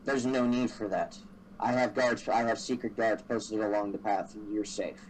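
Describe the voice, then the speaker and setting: A man voicing a formal male butler who recruits adventurers, speaking in a grave, measured way. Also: lowish voice, fairly even intonation, far from the mic, slight background noise, close to an everyday voice, poor audio. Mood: reassuring.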